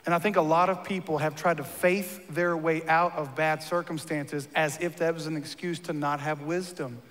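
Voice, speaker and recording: A man's voice: a little high, steady tone, normal speed, fairly bright tone. A man preaching a sermon as a pastor, conversational and joking, with emphatic lines. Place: church. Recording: long reverb of a church hall.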